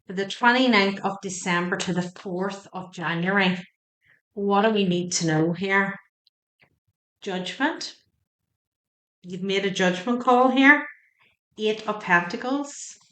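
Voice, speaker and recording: Slow, chatty woman reading tarot. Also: mid-range voice, fairly bright tone, roomy sound. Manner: chatty and emotional, asking the cards questions aloud. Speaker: tarot reader. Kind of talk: spoken tarot card reading.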